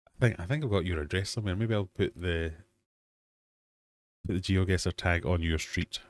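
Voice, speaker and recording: A man's voice: low voice, moderate pace. A Scottish man in his forties hosting a casual livestream quiz, bantering with chat in a jokey, self-deprecating way. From Scotland. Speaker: livestream host. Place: home fish room.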